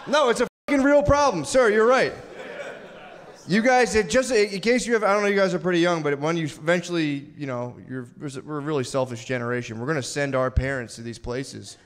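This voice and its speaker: A man's voice: fairly high pitch, brisk, big-room sound. A man doing improvised stand-up, brashly teasing the crowd and swearing freely. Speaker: stand-up comedian. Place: comedy club stage.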